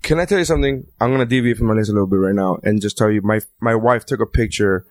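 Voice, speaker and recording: A man's voice: lowish voice, racing, a little mellow, dry recording, clean studio sound. A man in casual podcast chat who often repeats a phrase while gathering his thoughts.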